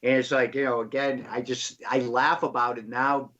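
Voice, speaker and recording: A man's voice: medium pitch, little pitch movement, moderate pace, a bit bright. An older man, a guest, chatting in an easygoing way and laughing readily. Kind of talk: casual conversation. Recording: muffled lo-fi audio.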